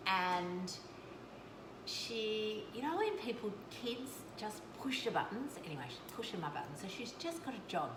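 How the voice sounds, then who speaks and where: A woman in her forties, with a lowish voice, chats effusively on a live stream and rambles through asides to her viewers. She talks into a webcam mic in a home kitchen. The room is echoey, and a steady hum of background noise sits behind her voice. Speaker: doctor hosting a live cooking and coaching stream. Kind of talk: casual live-stream chat. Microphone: webcam or phone camera mic.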